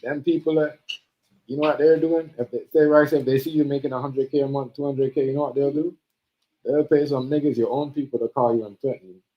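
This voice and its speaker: A man's voice: mid-range voice, fairly even intonation, fairly quick, a little hiss or hum. Emphatic man on a lo-fi livestream. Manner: emphatic, repetitive street slang. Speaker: livestream host. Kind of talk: casual commentary chat. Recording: dull lo-fi stream audio.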